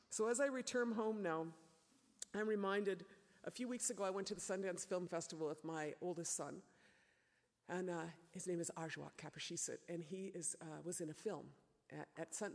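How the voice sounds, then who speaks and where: A woman's voice: on the low side, a little mellow. Impassioned middle-aged woman in a reverberant hall. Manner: impassioned, with many repeated "you know" fillers. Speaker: activist speaker. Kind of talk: public speech.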